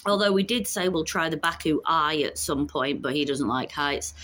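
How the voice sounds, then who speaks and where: A woman's voice: low-pitched, fairly even intonation, normal speed, a bit bright. A woman in her fifties chatting frankly and casually to camera about her week, with the odd swear word. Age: 50s. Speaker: vlogger. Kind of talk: casual chat.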